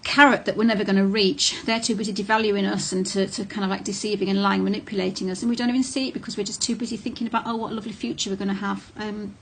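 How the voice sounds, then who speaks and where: Woman, middle-aged, mid-pitched, candid talk to camera, faint background hiss. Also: steady tone, fast talker, hardly any pauses, fairly bright tone. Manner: blunt and candid, with many ums and restarts. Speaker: vlogger on narcissistic abuse.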